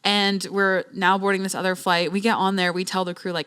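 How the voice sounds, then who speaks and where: A young woman hosting a podcast, telling a travel story in a chatty, slangy, animated way. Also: mid-range voice, brisk, smooth. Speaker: podcast host. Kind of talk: casual storytelling.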